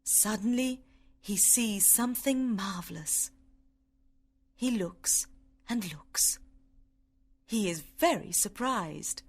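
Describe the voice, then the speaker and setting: A woman reading a simple story aloud with careful, clear delivery for English learners. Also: medium pitch, takes it slowly, pauses often.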